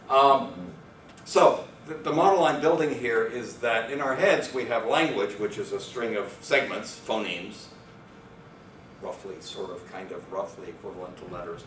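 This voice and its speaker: Low-voiced man lecturing in an echoey room. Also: distant mic, a little hiss or hum. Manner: thinking aloud, hesitant fillers. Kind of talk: academic talk.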